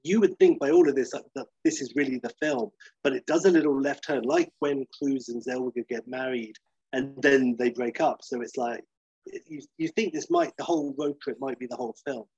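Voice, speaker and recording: A man casually pitching a film idea, rambling with many fillers and restarts. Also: a little fast, darkish tone, slightly rough, no room sound, lo-fi sound. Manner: rambling, full of fillers and restarts, acts out the characters.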